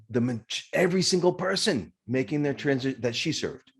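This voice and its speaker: A man's voice: medium pitch, lively intonation, moderate pace, breathy edge. A man hosting a podcast interview who speaks in a reflective, sincere way and addresses his listeners directly. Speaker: podcast host.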